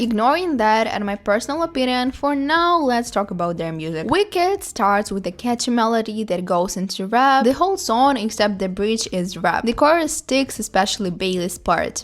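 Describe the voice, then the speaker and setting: A woman host reading scripted commentary in a blunt, casual reviewing tone. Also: fairly high pitch.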